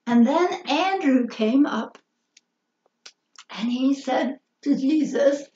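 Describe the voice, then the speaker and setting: A woman's voice: high-pitched, animated, slow pace, pauses often, mellow. A woman teaching a children's Bible lesson, telling the story expressively and asking her listeners questions. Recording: roomy, slightly dull recording.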